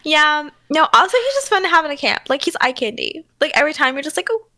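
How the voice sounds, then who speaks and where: Woman, 20s, podcast co-host: high, bright voice, giggly and gushing, dry close sound. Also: sing-song, fast, dry recording. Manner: gushing, giggly, says "like" a lot. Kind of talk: casual chat.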